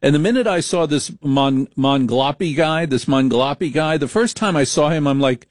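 A middle-aged man from the American Northeast hosting a late-night call-in radio show, blunt and sarcastic and quick to flare up. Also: on the high side, no room sound, studio quality.

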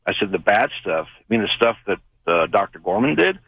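A man's voice: fairly low pitch, big pitch swings, fairly quick, slightly rough, dry recording. Rambling male caller on a phone line. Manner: rambling storyteller, many fillers. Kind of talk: call-in radio story.

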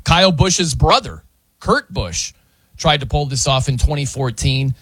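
A man hosting casual sports talk, animated and quick to laugh. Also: on the high side, breathy edge, no echo. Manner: animated, laughs often, slips into mock announcer voices.

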